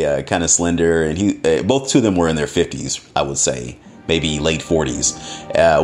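A man's voice: low voice, a little mellow. A man hosting a podcast, telling a story casually, laughing often and swearing freely. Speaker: podcast host.

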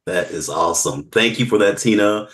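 A man's voice: lowish voice, normal speed, a bit bright. A man hosting a podcast in a casual, chatty way, with lots of fillers and frequent laughs. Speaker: podcast host.

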